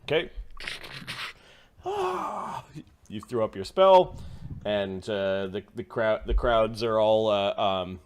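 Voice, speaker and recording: As game master for a tabletop game, a man narrates in a smooth, lowish voice. His delivery is halting, full of fillers and restarts.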